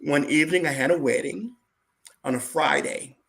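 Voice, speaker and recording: A man being interviewed as a guest, telling a personal story in an animated way and acting out what other people said. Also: a little high, normal speed, vocal fry.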